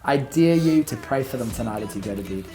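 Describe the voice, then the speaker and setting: Young kiwi woman, kids' ministry host, low teasing voice, soft music under. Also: animated, fast. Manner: playful, teasing, upbeat. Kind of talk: casual chat to kids.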